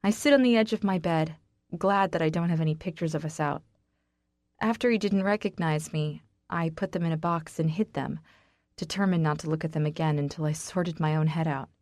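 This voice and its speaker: A woman's voice: sits low, a little fast, a little mellow, no echo. Woman narrating a romance audiobook, dry sound. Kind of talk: scripted first-person romance narration.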